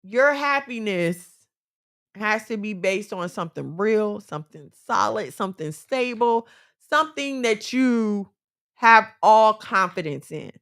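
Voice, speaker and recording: A woman talks through relationship advice in a relaxed, conversational way. She is earnest and persuasive, often repeating a phrase for emphasis and returning to faith as the root of her points. Her voice sits at an ordinary pitch for a woman. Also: unhurried. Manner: faith-based encouragement. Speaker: co-host giving relationship advice. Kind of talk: casual advice chat.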